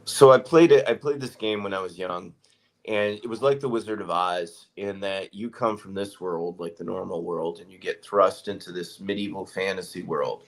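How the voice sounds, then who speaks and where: Low-voiced wry man in casual chat. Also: moderate pace. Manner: wry, self-deprecating, laughs often.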